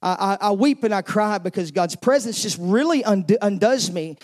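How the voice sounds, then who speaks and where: High-voiced emotional male pastor preaching. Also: expressive, normal speed. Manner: emotional, repeats and restarts words, urgent. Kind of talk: sermon.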